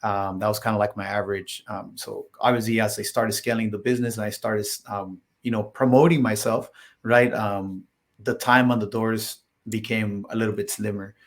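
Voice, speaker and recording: A man's voice: on the low side, steady tone, normal speed. A man on a podcast as a guest, telling his stories in a casual, rambling way full of "like" and "you know", and acting out the dialogue. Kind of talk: casual storytelling interview.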